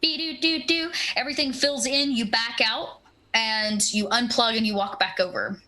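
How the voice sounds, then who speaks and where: Bright-voiced woman narrating a tabletop game. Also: fairly high pitch, moderate pace. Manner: relaxed storytelling with fillers. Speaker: game master.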